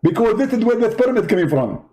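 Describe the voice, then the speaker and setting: A man's voice: sits high, very animated, mellow, voice pushed up, low-quality recording. A man putting on the voice of a pompous male preacher who scolds and insults his debate opponent in a parody skit. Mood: smug. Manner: haughty, scolding, quick to insult.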